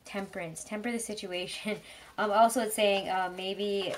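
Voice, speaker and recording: A woman giving a casual tarot reading, chatty and rambling, with frequent fillers and soft laughs. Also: medium pitch, steady tone, normal speed, background noise. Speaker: tarot reader.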